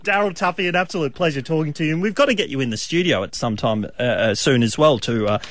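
A man's voice: on the high side, fast talker, fairly bright tone. A man hosting a radio show, joking around in casual chat. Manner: playful, jokey. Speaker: radio host.

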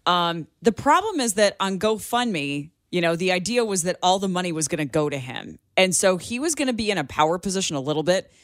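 A man's voice: high voice, sing-song, a little fast, hardly any pauses, a bit bright, dry recording, clean studio sound. A man co-hosting a talk radio show, laying out his opinions at length. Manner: opinionated, argues points at length. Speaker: radio co-host. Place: radio studio.

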